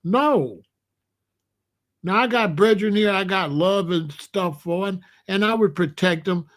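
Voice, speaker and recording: A high-voiced man from Chicago, working as a commentary host, tells street stories in an opinionated monologue. He speaks at a measured pace in an animated, slang-heavy street style.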